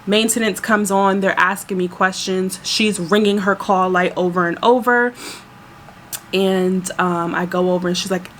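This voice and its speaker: A woman flight attendant talks straight to her viewers in a casual storytelling vlog. Her mid-range voice is chatty and animated, with a faint noise underneath. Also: medium pitch, a little slow. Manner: chatty, exasperated, animated retelling.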